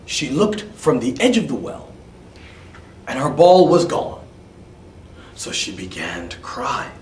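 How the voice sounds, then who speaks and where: A man telling a fairy tale as an English lesson, slowly explaining and repeating words, dropping to near-whispers for asides. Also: mid-range voice, sing-song, a little hiss or hum. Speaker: English teacher. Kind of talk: storytelling lesson for English learners. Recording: echoey room, mic at a distance.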